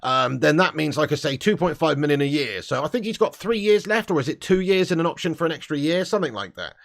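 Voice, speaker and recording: A man's voice: fairly high pitch, lively intonation, fast, creaky. A man hosting a casual live-stream fan show, blunt and sweary, laughing between rants.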